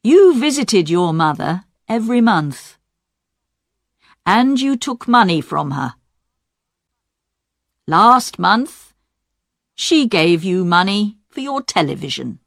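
A woman voicing a methodical male police inspector in an audiobook, deliberate and accusing. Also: mid-range voice, very animated, creaky, no room sound, clean studio sound, heavily acted.

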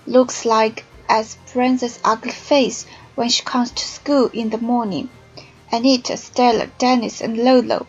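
A woman reading a story aloud, slow and unhurried, voicing the dialogue with some liveliness. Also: fairly high pitch, fairly even intonation, husky, muffled recording, faint music behind. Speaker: audiobook reader. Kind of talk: scripted narration.

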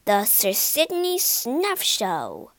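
Lady voicing a vain old ghost sir in a storybook, dreamy, grand, lively ups and downs. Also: high-pitched, slow, no echo, voice pushed up, heavily acted. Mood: bored, dreamy. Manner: dreamy, grandly self-important. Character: boastful old male ghost nobleman. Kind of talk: storybook reading.

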